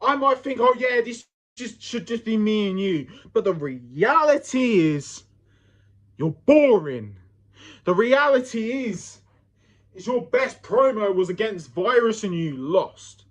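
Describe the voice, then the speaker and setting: A man's voice: sits high, big pitch swings, slow pace, fairly bright tone. A British man cutting a mocking wrestling promo, sneering at rivals and mimicking them with quacking sounds. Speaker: fan wrestling promo performer. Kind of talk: wrestling trash-talk promo.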